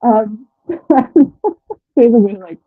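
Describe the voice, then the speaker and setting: A frank, chatty host of an advice show, sharing a story in a loose, conversational way. The speaker laughs often between words and restarts phrases. The voice sits at a middle pitch, and the audio sounds a little dull and muffled. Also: fairly even intonation, slow. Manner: candid and chatty, laughs often mid-sentence, frequent restarts. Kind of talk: casual storytelling chat.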